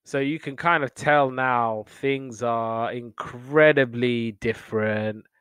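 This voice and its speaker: A man's voice: medium pitch, takes it slowly, smooth, dry recording. Rambling man in casual chat. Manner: rambling, animated retelling with playful quoted voices. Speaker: podcast host reviewing old TV shows.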